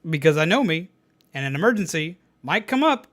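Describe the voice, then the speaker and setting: A woman streamer chatting casually on a live stream, telling stories in an animated, profane way. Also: deep voice, brisk.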